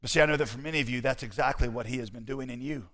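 Animated preaching man in a reverberant hall. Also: medium pitch, very fast. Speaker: pastor. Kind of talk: sermon.

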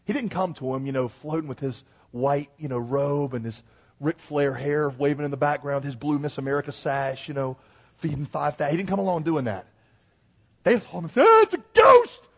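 A man giving a sermon as a pastor in a church, swinging from hushed, intimate lines to loud, rising exhortation. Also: on the high side, a little fast, husky. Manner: dynamic preaching, swings from hushed to shouting. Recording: dull lo-fi sermon recording.

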